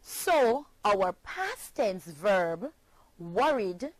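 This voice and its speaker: A woman teacher from Jamaica giving a scripted spelling lesson, speaking slowly and spelling words out letter by letter. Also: medium pitch, big pitch swings, dry recording, poor audio.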